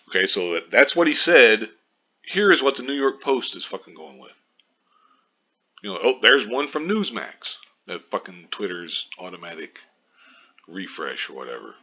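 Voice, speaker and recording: A man rants in a commentary vlog, his voice bright and forceful, swearing often and wandering off into asides. The recording sounds muffled and lo-fi. He stays irritated and talks straight at his viewers. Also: on the low side, sing-song, moderate pace. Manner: exasperated, profane, rambling. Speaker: video commentator.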